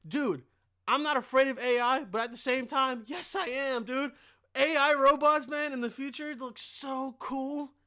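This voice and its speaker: A young man hosting a podcast, riffing in a rambling, profane, casual comedic rant and now and then bursting into loud yelled impressions. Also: extremely high pitch, measured pace. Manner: rambling, profane, full of filler.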